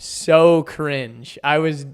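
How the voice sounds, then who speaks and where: A man's voice: fairly high pitch, extremely slow, clean tone. A young man co-hosting a podcast, telling stories animatedly in casual chat and laughing easily. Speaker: podcast co-host.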